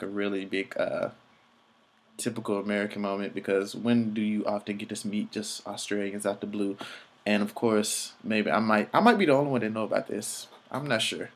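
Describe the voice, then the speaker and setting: Rambling, profane young man vlogging. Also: on the low side. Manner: rambling, loose, profane, filler-heavy. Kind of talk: casual travel vlog narration.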